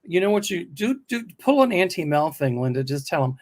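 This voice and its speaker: A man's voice: high voice, sing-song, fairly quick, hardly any pauses. A man hosting a chat show, playful and fond of silly voices in his stories. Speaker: psychic, host. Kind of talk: casual chat.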